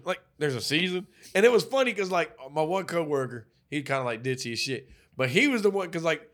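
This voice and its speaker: Animated, high-pitched man. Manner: animated, profane storytelling with acted-out quotes. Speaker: podcast co-host. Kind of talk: casual chat.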